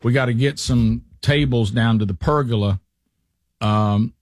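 A man's voice: medium pitch, measured pace, no echo. A middle-aged man, telling a long casual story to his co-hosts and acting out the quotes in it. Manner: animated storyteller, acts out quotes.

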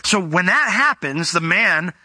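A man preaching a sermon in an animated way, slowing down and speeding up as he tells a Bible story. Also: sits high, no echo. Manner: animated, acts out quoted voices, varies pace.

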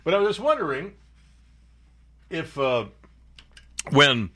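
A man's voice: fairly high pitch, sing-song, slow pace, pushed and bright, dry recording, clean studio sound. An older man from New York hosting a talk radio show, delivering sarcastic, mocking, opinionated commentary.

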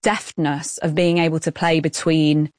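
A woman reporter speaking in a measured, reflective way, mixing narration with interview questions. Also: low voice, level tone, a little mellow, dry recording, studio quality. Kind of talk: radio news report with field interviews.

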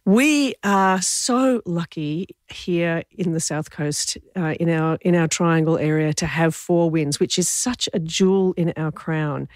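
A man's voice: a little high, measured pace, hardly any pauses, no echo, studio quality. A man hosting a radio interview, talking up an upcoming event with enthusiasm. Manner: enthusiastic, promotional. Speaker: radio host.

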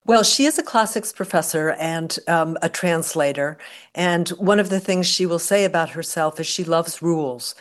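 An older woman speaks as an interview guest, with a very low voice for a woman. She answers in a thoughtful, articulate way, like a professor explaining her field. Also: moderate pace.

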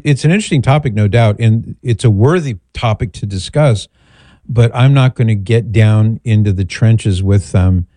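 Low, mellow-voiced male radio host. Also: dry recording. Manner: measured, thoughtful, rambling asides. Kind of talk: call-in advice talk.

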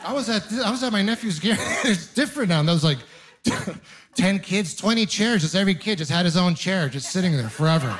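A man's voice: high-pitched, brisk. A man in his thirties doing a stand-up set, telling self-deprecating stories and talking straight to the crowd. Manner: self-deprecating storytelling, animated asides to the audience. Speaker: stand-up comedian. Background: audience laughter.

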